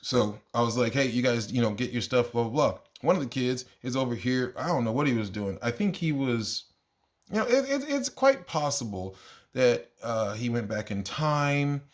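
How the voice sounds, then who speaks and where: A man with a middling, everyday pitch tells stories from his kindergarten class in a loose, chatty monologue. He sounds exasperated and animated, and his voice leaps up whenever he quotes what he said to the kids. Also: moderate pace. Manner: animated, exasperated, jumps into high voices when quoting himself. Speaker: kindergarten teacher. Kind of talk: casual storytelling monologue.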